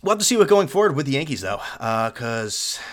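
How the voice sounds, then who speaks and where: With a medium-pitched, sing-song voice and a brisk delivery, this young solo sports podcaster rants in a mocking, sarcastic tone. Along the way he imitates fans' voices.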